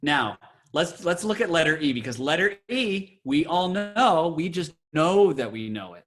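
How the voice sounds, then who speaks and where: A man, a cantor, teaching a Torah trope class over a video call, explaining and then chanting words slowly. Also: on the high side, very animated, a bit bright, soft background music. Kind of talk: online Torah trope lesson.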